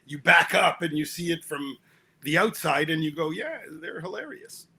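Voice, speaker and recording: A man's voice: a little high, fairly even intonation, normal speed, pushed and bright, slightly rough. A man who is the guest on an interview, telling funny stories in a joking manner. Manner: joking storyteller. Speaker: guest, author. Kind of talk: casual interview talk.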